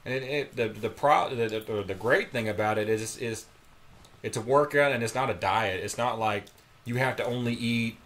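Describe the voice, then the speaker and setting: Rambling man with a middle-pitched voice. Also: moderate pace, a bit bright. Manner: rambling, many restarts. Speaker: guest. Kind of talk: casual chat.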